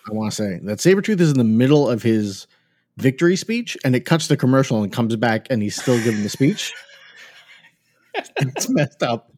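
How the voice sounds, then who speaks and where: Husky-voiced man cracking wry jokes. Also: medium pitch, expressive, fairly quick, darkish tone. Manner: wry, jokey asides. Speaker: podcast co-host. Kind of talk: casual chat recapping a cartoon.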